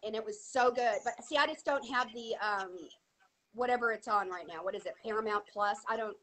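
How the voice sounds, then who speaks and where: A woman's voice: fairly high pitch, fairly quick, a bit bright, poor audio. A woman, an actress guest, chatting casually on a video call, giggly and hesitant with many restarts.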